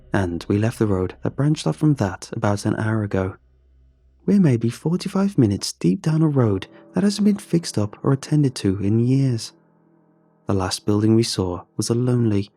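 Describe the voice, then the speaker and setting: A man with a dark, mellow, breathy voice tells a horror story at an even pace. His delivery is measured and hushed, pitched on the low side. Quiet music runs beneath. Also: no room sound. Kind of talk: scripted horror narration.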